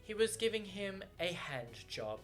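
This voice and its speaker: A man with a high, sing-song, slightly bright voice talks a little slowly about the book he's reading, with faint music behind him. He's bubbly and giggly on camera, full of fillers and restarts, recorded on a camera mic.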